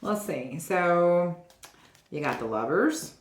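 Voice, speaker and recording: Low-voiced woman reading tarot. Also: expressive, slow. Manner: chatty, often ends with "okay?". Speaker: tarot reader. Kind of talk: casual tarot reading to camera. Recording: roomy echo, faint noise.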